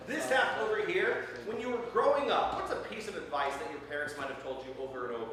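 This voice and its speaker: A man's voice: high-pitched, fast talker, few pauses. A man hosting a live improv comedy show, upbeat, explaining the game and repeating lines the audience calls out. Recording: echoey hall, far from mic, noisy.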